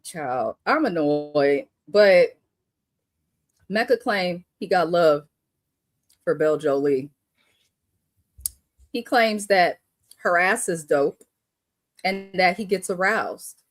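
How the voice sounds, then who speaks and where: A woman's voice: fairly low pitch, animated, slow, pauses often, no room sound. A woman hosting a casual live stream, talking bluntly and animatedly with frequent cursing and laughter. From Bay Area. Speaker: live show host.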